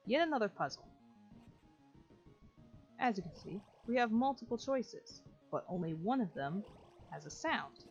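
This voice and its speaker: A woman's voice: mid-range voice, very animated, unhurried, long pauses. A woman hosting a let's play, giving casual, chatty gameplay commentary and explaining each step to viewers. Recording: lo-fi with faint game music.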